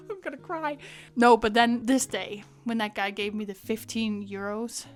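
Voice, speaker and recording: A young woman, chatting casually to her vlog audience in an animated way, full of filler words. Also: fairly high pitch, moderate pace, faint music behind. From Denmark. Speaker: vlogger.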